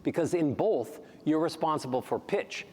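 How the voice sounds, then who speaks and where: Man, voice coach, panel talk, animated pitch swings, higher voice, long hall reverb. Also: normal speed. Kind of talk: panel talk with vocal demonstrations. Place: large hall on a conference stage.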